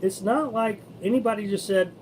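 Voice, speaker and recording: A man from Missouri with a notably high-pitched voice talks casually on a live stream, reading out and answering comments from viewers. He rambles, stops and restarts his sentences, and shares his opinions freely. A faint layer of background noise sits under his voice. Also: moderate pace, poor audio. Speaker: host of a live-streamed RV living channel.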